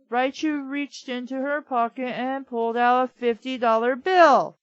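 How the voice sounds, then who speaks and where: A woman's voice: sits high, measured pace, no room sound, dull audio. A woman co-hosting a comedy reading show, reading fanfiction aloud and riffing on it in a blunt, sarcastic way with plenty of swearing. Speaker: podcast co-host reading fanfiction.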